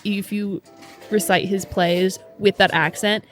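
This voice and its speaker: A woman's voice: mid-range voice, level tone, unhurried, over music. A woman playing a tabletop game, talking in a curious, wide-eyed way. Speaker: player. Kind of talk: casual tabletop play.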